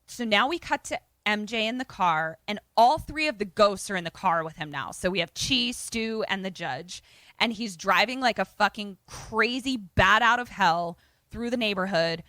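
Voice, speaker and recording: A woman podcast co-host retelling a film in casual, profane chat, animated and acting out bits of dialogue. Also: mid-range voice, normal speed, no room sound. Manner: animated, profane, acts out voices.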